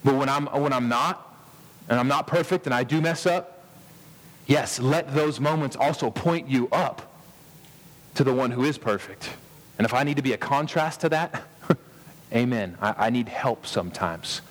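An earnest man in his thirties preaching a sermon. He speaks in an ordinary middle pitch, pausing for emphasis and often restarting mid-sentence. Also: long reverb tail. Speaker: pastor.

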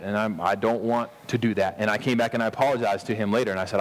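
Man, thirties, pastor, earnest sermon, emphatic pauses, restarts. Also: fairly low pitch, big-room sound.

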